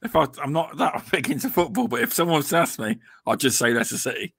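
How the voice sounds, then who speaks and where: A man hosting a livestream in casual chat, soft-spoken and halting, often restarting his sentences. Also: a little high, sing-song, vocal fry, breathy edge, dry recording, studio quality. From England. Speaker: stream host.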